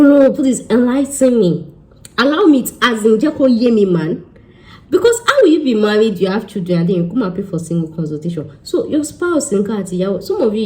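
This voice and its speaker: A woman's voice: mid-range voice, mellow, poor audio. A young woman with a Nigerian accent, an immigration consultant talking casually and emphatically to her followers, slipping in Yoruba phrases. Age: young adult.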